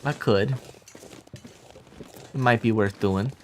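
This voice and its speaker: A man's voice: on the low side, slow pace. An American man giving casual livestream gameplay commentary, chatty and swearing, talking back to his chat. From United States. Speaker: streamer playing a survival game. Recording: steady background noise.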